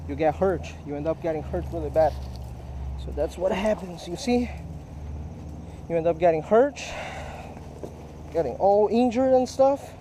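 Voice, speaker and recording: A man's voice: on the high side, normal speed, pauses often, dark tone, slight background noise, low-quality recording. A man chatting to his viewers while fishing outdoors beside a creek, talking casually as he goes. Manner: chatty, addresses viewers directly. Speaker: fishing vlogger. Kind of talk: casual outdoor vlog narration.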